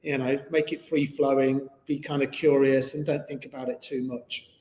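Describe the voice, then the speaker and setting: A man's voice: mid-range voice, flat delivery, normal speed, warm tone. A man teaching a live online yoga class in an easygoing, chatty way with many fillers. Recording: echoey room with long reverb.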